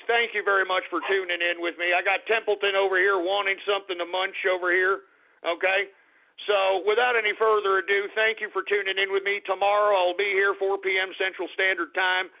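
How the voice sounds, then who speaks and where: Gruff high-pitched male radio host, phone-line sound. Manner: gruff, exasperated, swearing. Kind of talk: ranting talk radio sign-off.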